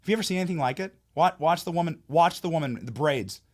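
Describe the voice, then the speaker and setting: A man's voice: a little high, animated, quick pace, a little mellow. A man hosting a political commentary show, talking in a heated, mocking, emphatic way. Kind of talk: opinionated commentary monologue.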